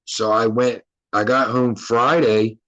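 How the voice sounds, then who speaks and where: A man hosts his own show and tells a long personal story in a casual, rambling way. He curses freely and breaks off his sentences to start again. His voice sits at an ordinary middle pitch for a man. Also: fairly even intonation, takes it slowly, a bit bright, lo-fi sound. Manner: loose, rambling, profane and self-interrupting. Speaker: podcast host.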